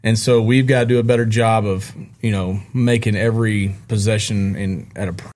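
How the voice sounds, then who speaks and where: A man, a football coach, explaining his team's play quickly during an interview. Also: on the low side, fairly even intonation, darkish tone. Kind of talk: post-game interview.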